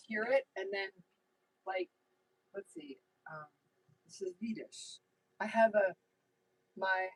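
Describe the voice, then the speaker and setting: Husky woman on a livestream, jersey-tennessee accent, rambly chatty, fairly high voice, dry sound. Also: fairly bright tone, dry recording, poor audio. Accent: mix of New Jersey and Tennessee. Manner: rambling, chatty, reads out viewer comments. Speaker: YouTube livestream host. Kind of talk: casual livestream chat.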